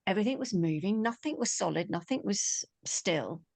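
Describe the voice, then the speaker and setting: A woman, telling a personal story in an animated way and acting out the quoted voices. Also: mid-range voice, normal speed, creaky. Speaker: spiritual teacher.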